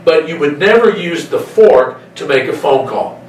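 A man preaching a sermon, emphatic, slowing down to stretch out key phrases. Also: a little high, lively intonation, slight background noise. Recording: echoey room, voice from some distance.

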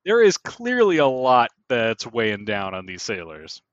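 Measured male game master, dull lo-fi mic. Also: medium pitch, wildly swooping pitch, dry recording. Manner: measured, explanatory, many "uh" fillers. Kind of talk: narrating a tabletop game.

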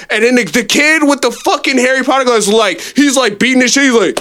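A man's voice: extremely high pitch, big pitch swings, normal speed, bright, forceful tone. A man co-hosting a podcast, telling a bar story in a casual, profane way with laughter. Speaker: podcast co-host.

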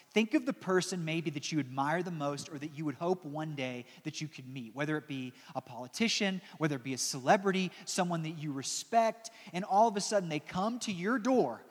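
A man preaching in a church with a fairly high voice, telling the story dramatically with joking asides. His words ring out in a long reverb. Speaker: pastor. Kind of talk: sermon.

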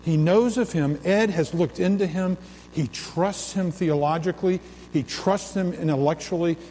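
A man's voice: fairly high pitch, dark tone, slight background noise. A man preaching a sermon in a church sanctuary, building emphasis through repeated, swelling phrases. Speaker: pastor. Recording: long reverb of a large hall.

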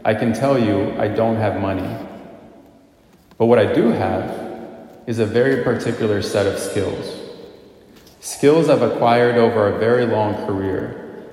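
A preacher reading as a grim, gravelly father. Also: lowish voice. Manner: calm, measured threats. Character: grim determined father threatening kidnappers. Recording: echoey church hall.

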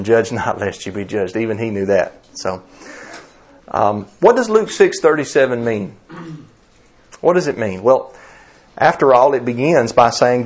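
A pastor in his thirties with a fairly low voice preaches a conversational sermon. He tells stories, poses rhetorical questions, and often restarts his sentences.

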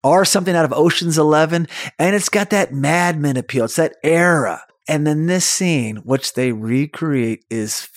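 A man's voice: a little high, moderate pace, hardly any pauses, no room sound, studio quality. A man co-hosting a podcast in casual chat, talking with enthusiasm. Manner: enthusiastic, talkative, animated. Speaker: podcast co-host.

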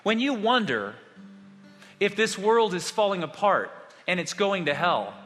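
A man delivering a sermon with a high, bright, ringing voice. He preaches animatedly, dropping to hushed tones and then rising to loud outbursts. A long reverb trails after his words in a large hall. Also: sing-song, a little slow, soft background music. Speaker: pastor.

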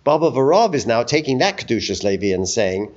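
A man teaching a Torah text in a study discussion, telling stories with animated acted-out voices. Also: mid-range voice, a little fast. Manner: animated storytelling, acts out quoted voices. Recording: dull lo-fi recording.

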